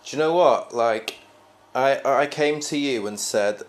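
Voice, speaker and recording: A man's voice: mid-range voice, a little slow, pitched above the performer's own voice, natural voice. A man doing a matey, reasoning farmer. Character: calm grown man farmer reasoning with a worker.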